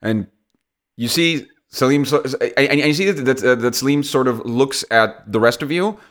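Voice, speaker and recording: A man as game master narrating a tabletop game, halting with lots of restarts. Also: mid-range voice, fairly bright tone. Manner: halting, many restarts and fillers.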